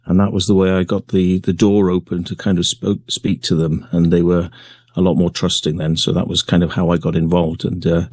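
A man being interviewed, talking in a relaxed way with many pauses and fillers. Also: sits low, dry recording. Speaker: guest, crop circle maker. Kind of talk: remote interview.

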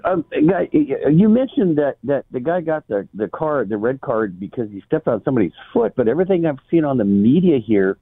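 Male phone-in caller, rambling and excited, gravelly with a lively up-and-down pitch. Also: dry recording. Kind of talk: phone-in call. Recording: tinny phone line, dry.

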